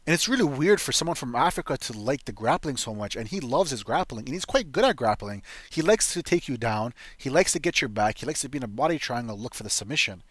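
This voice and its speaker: A man's voice: medium pitch, lively intonation, fast, hardly any pauses, fairly bright tone, slightly rough, no echo. Profane, rambling young man, dry mic. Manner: blunt, profane, rambling with many fillers. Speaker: MMA fight predictions host. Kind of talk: casual profane fight breakdown.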